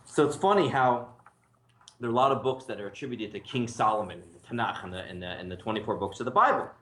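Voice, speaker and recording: Male rabbi, chatty lunchtime teacher, quick with jokes, roomy sound. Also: mid-range voice, lively intonation, fairly bright tone. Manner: joking, laughs often, asks students to read. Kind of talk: casual lunchtime Torah class. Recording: echoey room.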